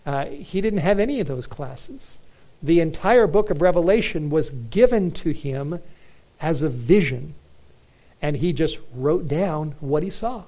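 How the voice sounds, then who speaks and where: A man's voice: fairly high pitch, animated, unhurried, mellow. A man preaching a sermon in an earnest, emphatic way, with frequent restarts and fillers. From United States. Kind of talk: sermon on Bible prophecy.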